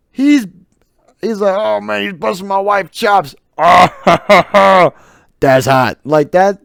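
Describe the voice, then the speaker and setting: A man's voice: a little high, a little mellow, dry recording, clean studio sound. Rambling young man hosting a podcast. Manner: rambling, joking, loose and opinionated. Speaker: podcast host. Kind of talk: casual solo podcast monologue.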